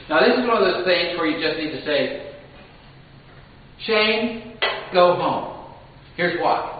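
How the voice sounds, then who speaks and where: A man leads a live sales training class, telling energetic stories and performing customers' lines. His voice is on the high side, and he speaks slowly with frequent pauses; the audio, captured from a distance in a dull, echoey hall, has a little hiss or hum.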